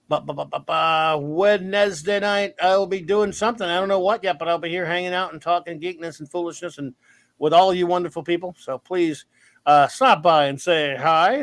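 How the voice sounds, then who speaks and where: A man with a high voice hosts a casual live talk show. He rambles playfully and pokes fun at himself. The sound is dry and close, with no room around him. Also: a bit bright, no echo. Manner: rambling, playful, self-mocking. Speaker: livestream show host. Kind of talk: casual chat.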